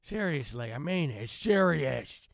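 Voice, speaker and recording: A crude, rambling old male president, put on by a man for laughs, repeating himself as he brags. The voice sits a little higher than usual and is recorded dry and close. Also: very animated, measured pace, gravelly, no echo, exaggerated voice. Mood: blustering. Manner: rambling, repetitive, profane boasting. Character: blustering older male president, boastful and crude. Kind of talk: comic impression on a live stream.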